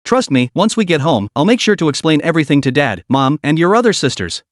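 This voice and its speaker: A man's voice: a little high, big pitch swings, fast talker, dry recording, clean studio sound. A man reading an audio story recap, voicing a desperate, tearful young woman who screams and pleads.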